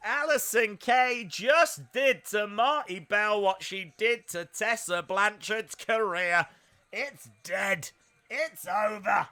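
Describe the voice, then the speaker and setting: Man, high bright voice, unhurried, joking watch-along host who erupts into shouts. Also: faint music behind. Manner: excitable, jokey, bursts into shouts. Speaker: live stream host. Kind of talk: wrestling watch-along commentary.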